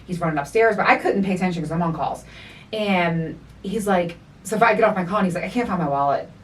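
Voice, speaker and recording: A middle-aged woman hosting a podcast, telling a story in animated, profane casual chat and acting out the quotes. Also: on the low side, fast talker, recorded from a distance. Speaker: podcast host.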